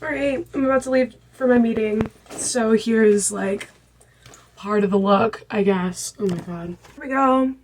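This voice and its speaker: A woman's voice: on the high side, measured pace, a little hiss or hum, rough recording. A young woman in her twenties vlogging in casual chat, gushing and giggly, filling her talk with "like" and "literally", recorded on a phone at arm's length. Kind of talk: casual excited vlog chat.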